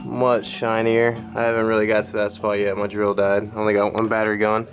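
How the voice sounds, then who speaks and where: A man's voice: fairly low pitch, completely flat delivery, a little fast, faint music behind. A man chatting casually in a slangy, laid-back way as he narrates a vlog from his garage workshop. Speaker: motorcycle vlogger.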